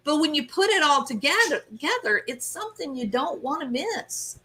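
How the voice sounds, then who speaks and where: A woman hosting a casual live stream, chatting with her viewers by name in an animated way and often laughing. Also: high-pitched, normal speed, hardly any pauses. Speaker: host.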